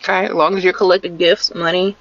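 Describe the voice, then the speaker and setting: This fast-talking woman has a lowish voice with a level tone. She gives sassy, blunt dating advice on a live stream from inside her car, sarcastically finishing her points with "okay?" and tossing in a teasing "sprinkle, sprinkle." The close-held phone gives dull audio with no echo.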